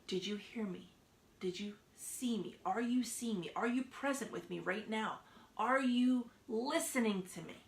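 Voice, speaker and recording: A woman hosting a casual live advice talk, earnest and repetitive, sometimes dropping to a soft near-whisper for emphasis. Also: on the high side, a little slow, creaky, reverberant. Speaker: advice show host. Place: indoors by a window.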